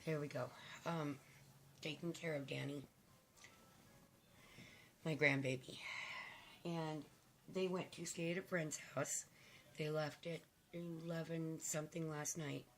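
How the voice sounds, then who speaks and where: Hoarse, raspy older woman, low and slow. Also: steady tone, slight background noise. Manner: rambling and heartfelt, with hesitant fillers. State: hoarse, nearly lost voice. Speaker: vlogger. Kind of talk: casual to-camera chat.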